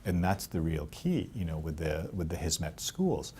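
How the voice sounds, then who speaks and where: A middle-aged man with a very low, deep voice answers interview questions as a professor. He talks earnestly and returns to his main points again and again. A faint hiss of noise sits under the recording. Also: very animated, moderate pace, darkish tone. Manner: earnest, repeats key points, many "you know" fillers. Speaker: professor of theology.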